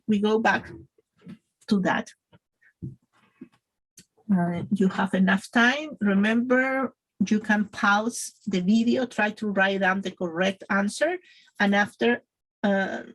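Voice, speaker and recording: Slow, patient woman teaching Spanish. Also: mid-range voice, poor audio. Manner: patient, repeats and models phrases slowly, switches between English and Spanish. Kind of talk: slow guided language lesson.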